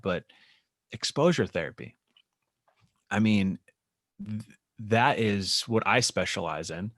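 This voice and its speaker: A therapist guest on a podcast, this low-voiced man describes his work with animation in a casual interview chat, occasionally acting out his clients' words for a moment. The recording is dry and has no room sound.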